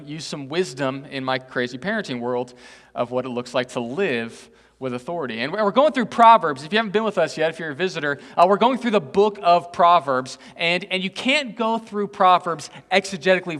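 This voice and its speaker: A man's voice: fairly high pitch, fairly bright tone. A male pastor from Texas giving a chatty, self-mocking sermon, often tossing "right?" to the congregation. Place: church sanctuary. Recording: echoey church hall.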